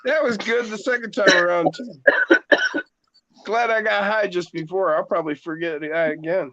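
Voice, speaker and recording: A man's voice: high voice, normal speed, crowd noise. A man co-hosting a casual livestream chat, joking and reading viewer comments aloud, over a dull lo-fi recording. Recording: dull lo-fi sound.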